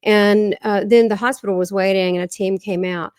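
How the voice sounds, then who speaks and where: A woman's voice: mid-range voice, fairly even intonation, moderate pace, a little mellow, clear, resonant tone, no room sound, studio quality. A woman with a Southern American accent, a guest medium earnestly recounting a near-death experience in a rambling way, often restarting her sentences.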